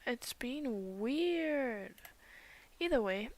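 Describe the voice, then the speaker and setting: A young woman giving casual commentary while playing a game, excitable, with loud outbursts and whispered asides. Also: on the high side, drawn-out words. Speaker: gaming streamer.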